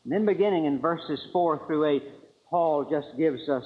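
Male preacher, raised pitch, emphatic sermon delivery, dull lo-fi recording. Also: moderate pace. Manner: emphatic, rises high then drops to quiet lines.

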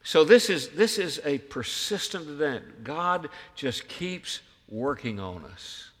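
A man preaching a sermon as a pastor, emphatic, firing rhetorical questions and swinging from hushed to loud. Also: fairly high pitch, animated, slow, breathy edge, in a large hall. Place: church sanctuary.

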